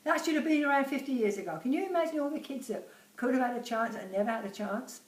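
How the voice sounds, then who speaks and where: A woman's voice: high-pitched, animated, fast, recorded from a distance. An elderly woman around eighty with a Cockney accent, chatting and reminiscing in a casual interview, laughing easily. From Bermondsey, London. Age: about 80. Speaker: interviewee, host's mother. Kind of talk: casual chat. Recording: roomy, off-mic with faint ambience.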